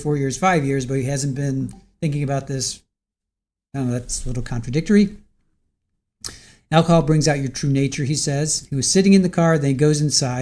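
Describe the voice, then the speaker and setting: A man's voice: on the high side, a little mellow. A man giving a live recap of an interrogation video, loosely paraphrasing quotes and thinking aloud with fillers and self-corrections. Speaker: trial commentator.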